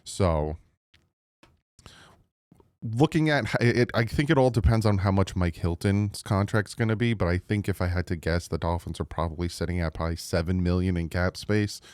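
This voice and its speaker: A man's voice: low voice, moderate pace, darkish tone, clean tone, dry recording. A man with a New Jersey accent hosting his own sports channel, giving casual, rambling commentary to viewers with frequent restarts. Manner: rambling, restarts, mild frustration.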